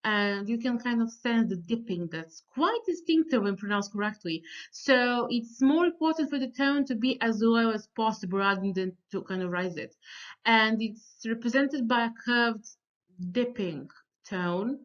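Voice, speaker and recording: A woman's voice: on the high side, measured pace. A woman teaching a recorded lecture, explaining step by step with frequent ums and restarts and drawing out sample syllables. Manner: sings out sample syllables with exaggerated tones. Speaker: language teacher. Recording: slightly dull, lo-fi audio.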